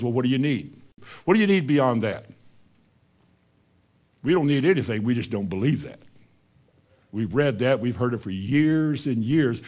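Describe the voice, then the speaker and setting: A man preaching a sermon, asking his listeners questions and moving between loud, raised lines and quiet, hushed ones. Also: medium pitch.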